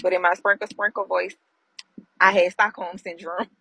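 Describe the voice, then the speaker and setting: A woman telling a family story in a lively, colloquial way, laughing at times. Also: lowish voice, moderate pace, vocal fry, breathy edge, rough recording. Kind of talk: storytelling in a stitched clip.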